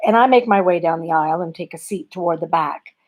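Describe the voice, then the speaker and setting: A comic storyteller from Canada, telling a bedtime story in a wry, conversational, self-deprecating way. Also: female voice, lowish voice, fast talker, a little mellow, dull audio.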